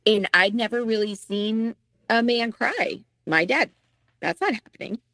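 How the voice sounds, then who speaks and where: A woman's voice: on the high side, measured pace, pushed and bright, no echo. A middle-aged woman, a guest, candidly telling her own painful story, acting out the lines she quotes. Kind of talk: emotional personal storytelling.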